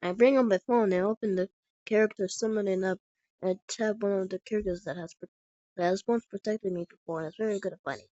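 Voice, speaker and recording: A woman's voice: medium pitch, steady tone, a little fast, warm tone. A woman improvising a fan story as narrator, stumbling and restarting often. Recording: dull dry lo-fi recording.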